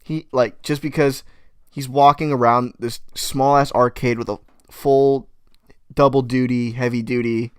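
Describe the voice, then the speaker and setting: A man's voice: mid-range voice, unhurried, clean tone, no room sound, clean studio sound. A young man co-hosting a podcast, telling a story in casual chat, swearing often and acting out what people said. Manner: profane, animated storyteller who acts out quotes. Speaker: podcast co-host. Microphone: headphones and mic.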